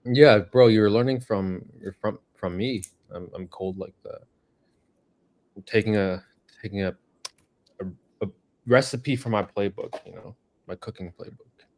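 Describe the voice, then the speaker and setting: A man's voice: on the low side, measured pace, darkish tone. A man co-hosting a podcast, joking in a cocky way and stumbling over his words. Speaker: podcast co-host. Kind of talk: casual chat.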